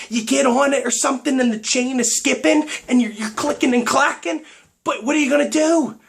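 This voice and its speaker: A man giving a comedic gym rant as a fitness vlogger, excitable and profane, keeps tagging his lines with "right?". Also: very high-pitched, breathy edge.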